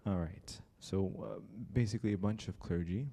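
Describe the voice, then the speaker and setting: A young church speaker tells a story at normal speed, his low voice showing some vocal fry. He's a lively narrator who acts out the people in his tale.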